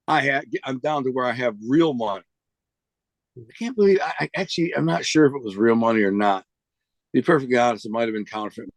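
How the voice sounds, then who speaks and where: Brief: man, street slang storyteller, medium pitch, dry close sound. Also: no echo. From United States. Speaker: interview guest. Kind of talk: casual storytelling.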